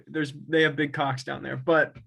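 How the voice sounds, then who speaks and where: A man's voice: on the high side, level tone, moderate pace, gravelly, pushed and bright, rough recording. A young man co-hosting a casual podcast, telling a rambling story full of swearing, with laughs breaking in. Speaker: podcast co-host. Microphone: own camera and mic at home.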